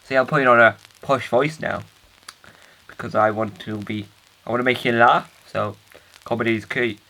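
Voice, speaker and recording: Man doing a dad character, rambling, hesitant, earnest, bright voice, middle pitch, comic video diary. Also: steady tone, moderate pace, poor audio. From United Kingdom. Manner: rambling, hesitant, self-interrupting.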